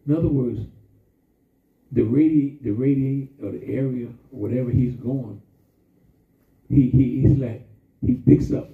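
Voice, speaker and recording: A man preaching a sermon in a call-and-response style, drawing out his emphasis slowly and then rushing through asides. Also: mid-range voice. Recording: distant, echoey, phone-like sound from far off.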